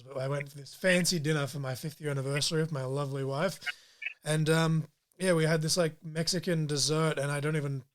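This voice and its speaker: Laughing often, a man runs a relaxed podcast interview full of jokes and easy banter. He speaks on the higher side with a fairly bright tone.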